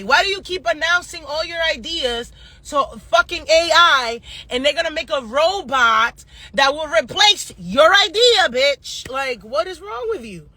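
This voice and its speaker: A woman astrologer delivers her reading as a casual rant, blunt and full of swearing. Her voice is bright and forward, and she keeps wandering off on tangents before pulling back to the forecast. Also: sits high, no echo. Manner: blunt, profane, fast-ranting with tangents. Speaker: astrologer and tarot reader.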